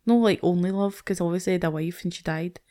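A Scottish woman co-hosting a casual chat podcast, talking in an animated, sweary, ranting way. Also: on the low side, quick pace. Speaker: podcast co-host.

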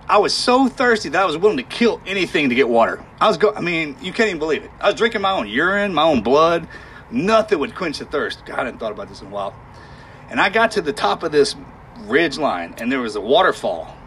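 A man telling a harrowing war story in conversation, halting and emotional, with sighs and restarts. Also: on the high side, very animated, bright, forceful tone, slight background noise.

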